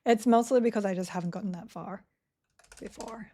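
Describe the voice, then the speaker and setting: Cheerful woman streamer with a mellow voice. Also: mid-range voice, a little fast. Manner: cheerful, chatty, answers chat questions. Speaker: game streamer. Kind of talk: casual live-stream chat while playing.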